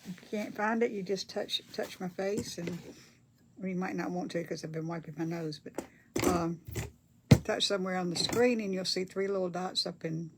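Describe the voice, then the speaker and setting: A woman's voice: on the low side, moderate pace, a little hiss or hum. An older woman chats casually with viewers during a craft livestream, reading their comments aloud in a folksy way. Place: home craft table.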